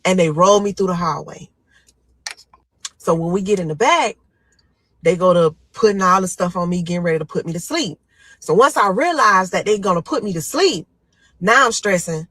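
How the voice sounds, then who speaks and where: A woman's voice: mid-range voice, animated, moderate pace, a bit bright, breathy edge, no echo, low-quality recording. Young woman telling her story real dramatic, talks to y'all, dry close sound. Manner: dramatic, acts out her own panicked screams. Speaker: storyteller guest. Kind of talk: emotional first-person storytelling.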